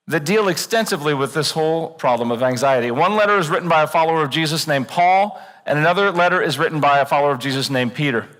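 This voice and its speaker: A man preaching a sermon in a church, animated and joking, acting out worried voices. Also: a little high, long reverb tail. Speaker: pastor. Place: church auditorium.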